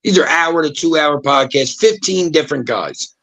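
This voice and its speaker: Blunt, profane man, slightly high voice. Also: normal speed, creaky. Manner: blunt, profane, animated storyteller. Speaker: podcast co-host. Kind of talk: casual podcast chat.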